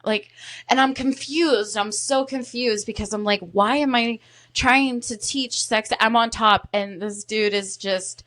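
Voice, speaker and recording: A woman in her thirties chatting casually as a podcast guest, telling frank, animated stories with plenty of swearing. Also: on the high side, unhurried. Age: 30s. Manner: candid, animated storytelling, heavy swearing. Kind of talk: casual chat.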